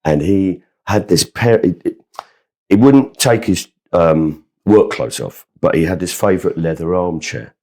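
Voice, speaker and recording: Male comedian guest, low husky voice, animated and swinging in pitch, fond anecdotes told with laughs. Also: measured pace. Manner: animated, laughing at his own stories. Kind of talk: anecdotal storytelling.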